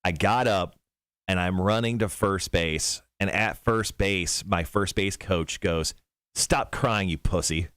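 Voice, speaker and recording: A man's voice: sits low, takes it slowly, a bit bright, smooth, no room sound, studio quality. A male radio host chatting casually on a morning show, telling stories and laughing often while he tells them. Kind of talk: casual morning show chat on a live stream.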